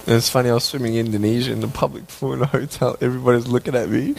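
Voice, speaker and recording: A man from Australia, preaching as a guest speaker and telling a personal story, his voice leaping high when excited and dropping slow and hushed to make a point. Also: creaky.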